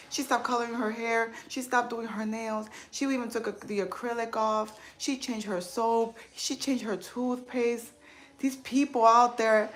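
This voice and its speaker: A woman's voice: on the high side, a bit bright. A woman hosting a casual livestream, telling heartfelt family stories and reading viewer comments aloud. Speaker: livestream host.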